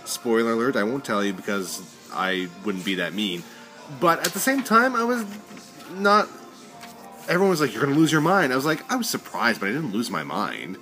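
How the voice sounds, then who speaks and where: A man's voice: on the low side, wildly swooping pitch, normal speed, pushed and bright, soft background music. A man co-hosting a casual podcast, rambling with restarts and laughing easily. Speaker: podcast co-host. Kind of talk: casual chat.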